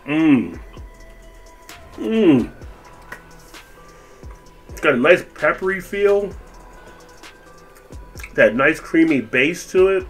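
A man's voice: a little high, extremely slow, long pauses, soft background music. A man hosting his own food review video, chatting casually while tasting and talking with his mouth full. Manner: relaxed, chatty, tastes and comments with full mouth.

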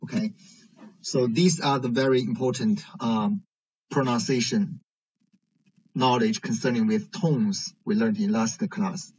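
A man teaching a language lesson, explaining slowly and checking in with "right?". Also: mid-range voice, steady tone, darkish tone, slight background noise. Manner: slow, careful explaining with frequent "right?" checks. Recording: dull lo-fi recording.

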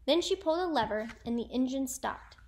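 Expressive woman reading a children's story. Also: high voice, a little fast. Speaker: teacher. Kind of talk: storybook read-aloud for children.

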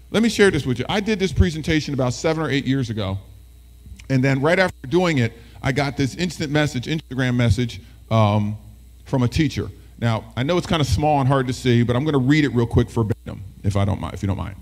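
A man giving a motivational presentation to educators as a keynote speaker, lively and talking with the audience, often acting out voices. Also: fairly high pitch, a little fast. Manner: animated, talks with the audience, acts out voices.

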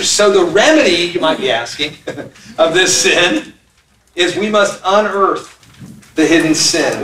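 With a high, bright, forceful voice, a man in his fifties preaches as pastor in a church sanctuary, weaving stories, acting out characters, and laughing along. Slight background noise comes through, and the distant mic catches the echo of the hall.

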